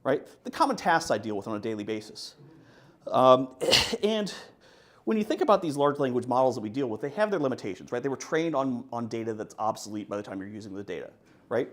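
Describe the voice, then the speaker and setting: A man giving a conference talk, joking and animated as he presents. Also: medium pitch, fairly quick. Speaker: conference speaker.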